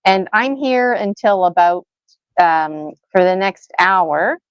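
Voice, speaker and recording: A woman co-hosts a live stream, chatting loosely and thinking aloud as she goes. Her voice is smooth and clear, recorded dry over slightly dull stream audio. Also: mid-range voice, animated, slow, dry recording. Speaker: co-host and gemstone reader. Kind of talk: casual livestream talk. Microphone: video call.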